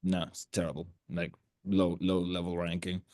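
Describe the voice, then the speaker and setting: A man's voice: sits low, little pitch movement, a little mellow, dry recording, clean studio sound. A man coaching trainees over a video call, blunt and direct as he runs role-play drills. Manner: blunt, direct, quick to cut in. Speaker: sales coach.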